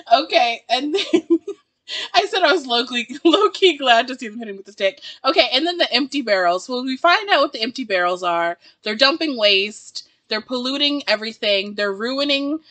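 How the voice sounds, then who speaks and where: A woman's voice: sits high, lively intonation, normal speed, fairly bright tone, dry recording. A woman giving a casual reaction review of a TV episode, ranting in exasperation and laughing often.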